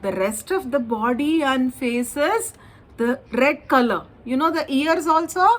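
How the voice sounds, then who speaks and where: A woman telling a children's story, animated and often asking her listeners questions. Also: high-pitched, unhurried, rough recording.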